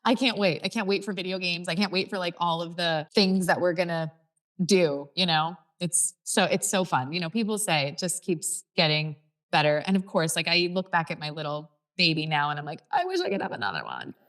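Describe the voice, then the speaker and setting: A woman in her thirties, a podcast guest, telling stories in an animated, gushing way. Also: lowish voice, moderate pace. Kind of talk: casual podcast conversation.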